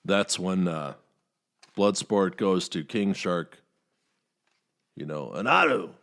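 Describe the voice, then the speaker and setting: A man hosting a podcast, recapping a movie in a casual, rambling way, with many fillers and some swearing. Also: slow. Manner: rambling, many "uh" fillers, profane, acts out quotes in higher voices. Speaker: podcast host reviewing a movie.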